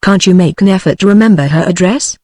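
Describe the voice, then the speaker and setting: A text-to-speech voice of a woman with a British English accent reading the lines of a curt, brisk American man, with no change of voice. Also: lowish voice, no room sound, clean studio sound, natural voice. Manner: flat synthetic reading of dialogue.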